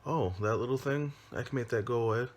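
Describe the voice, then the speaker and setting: A man's voice: mid-range voice, brisk, voice pushed up, natural voice. A man voicing a sinister male clown monster, speaking slyly and coaxingly. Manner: sly, coaxing.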